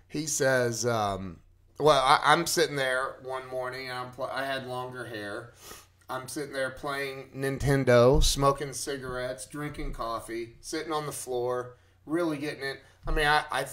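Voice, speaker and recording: A man casually telling a personal story to his live chat, animated and acting out his own panic. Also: mid-range voice.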